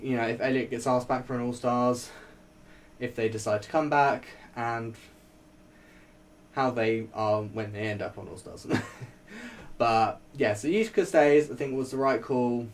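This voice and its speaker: A man giving a casual, rambling spoken review, full of fillers and quick laughs. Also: medium pitch, far from the mic. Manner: chatty, rambling, laughs often, many fillers. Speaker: vlogger reviewing a TV show.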